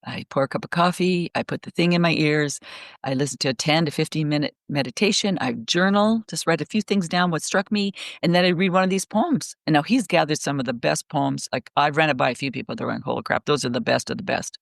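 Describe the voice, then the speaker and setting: A middle-aged woman on a remote call, telling stories in a rambling, animated way, full of restarts. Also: deep voice, a little fast, gravelly, no room sound, studio quality. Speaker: guest speaker. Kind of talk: casual podcast conversation.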